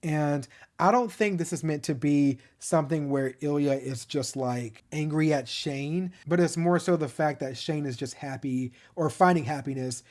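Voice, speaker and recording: A man's voice: a little high, moderate pace, few pauses, darkish tone. A man giving a casual, rambling recap of a TV show, full of "like" fillers and fond enthusiasm. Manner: chatty and rambling, many "like" fillers and restarts. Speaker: TV show reviewer.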